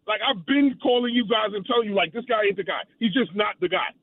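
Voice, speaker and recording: High-voiced male caller on a tinny phone line. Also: quick pace, no echo. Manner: animated, blunt, streetwise. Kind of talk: call-in radio chat.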